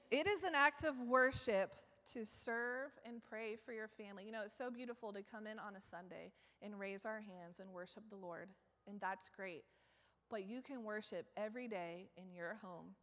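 A woman preaching a sermon in a church, chatty and self-mocking, laughing often and rising to loud exclaims. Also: fairly high pitch. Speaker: guest preacher. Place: church sanctuary. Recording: long church hall reverb.

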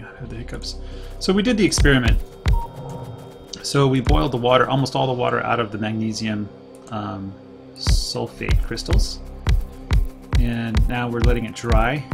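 A man's voice: mid-range voice, gravelly. A man hosting a let's play, casually thinking aloud and rambling as he plays. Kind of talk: casual gameplay commentary.

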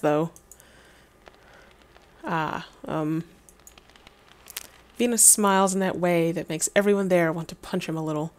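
A woman's voice: lowish voice, unhurried, pauses often. A young adult woman streaming, reading a game's text aloud with wry, laughing asides and casual swearing.

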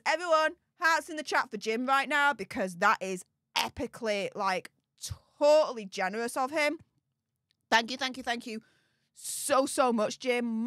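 A woman's voice: fairly high pitch, a bit bright, dry recording, clean studio sound. A woman with a Yorkshire accent hosting a livestream, gushing thanks to viewers for their super chats in an exclamatory, bubbly way. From England. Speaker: livestream host.

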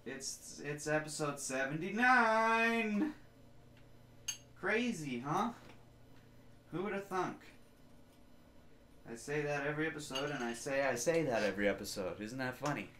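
A man's voice: medium pitch, expressive, moderate pace, pauses often, fairly bright tone, echoey room, a little hiss or hum. A man hosting his own casual solo podcast, joking loosely and swearing freely as he rambles. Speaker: podcast host. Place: home basement studio.

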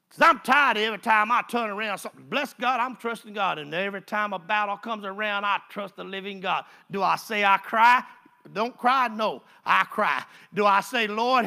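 Fervent preacher man, creaky. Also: high voice. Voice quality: folksy Southern phrasing. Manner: impassioned, swinging from hushed storytelling to fervent exhortation. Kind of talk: sermon.

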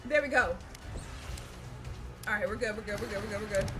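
A woman giving casual, profane let's-play commentary, loud and excitable as she yells at the game. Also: medium pitch, fairly quick. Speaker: gaming channel host. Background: game music.

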